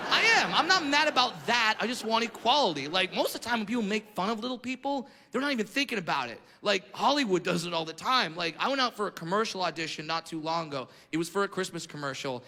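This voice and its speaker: A man doing a brash, profane stand-up routine on a club stage, building to shouted rants. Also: high voice, creaky, a little hiss or hum. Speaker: stand-up comedian.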